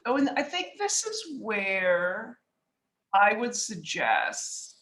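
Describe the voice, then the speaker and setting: A woman's voice: mid-range voice, sing-song, slow pace, fairly bright tone, echoey room, rough recording. A woman speaking as an author and investor guest, telling anecdotes in a casual, chatty way, acting out dialogue and using many filler words. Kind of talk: casual storytelling talk.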